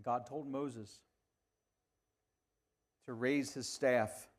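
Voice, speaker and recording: Pastor, male, mid-pitch voice; conversational sermon delivery that drops to near-whispers and climbs to strong emphasis. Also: steady tone, very slow. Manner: conversational preaching, swings from hushed to emphatic.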